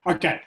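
A man co-hosting a casual podcast, explaining at length and reading definitions aloud. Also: sharp tone. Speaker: podcast co-host.

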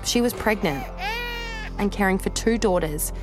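A woman storyteller giving scripted narration for children in a lively, expressive way. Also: mid-range voice, moderate pace, rough recording. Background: soft music.

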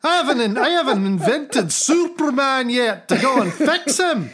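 A man putting on a cranky Scottish God, old as time, swearing and scolding in a high voice. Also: sing-song, a little slow, fairly bright tone, heavily acted. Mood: blustering. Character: grumpy foul-mouthed ancient male God, overworked.

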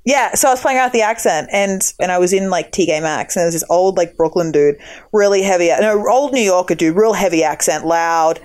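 A woman's voice: on the low side, fairly quick, darkish tone. A young adult Australian woman co-hosting a podcast, chatting casually, laughing often and swearing freely. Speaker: podcast co-host. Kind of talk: casual chat.

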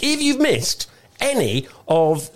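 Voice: mid-range voice, slow. A radio co-host, chatting casually and joking through the banter. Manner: jokey, chatty, lively banter.

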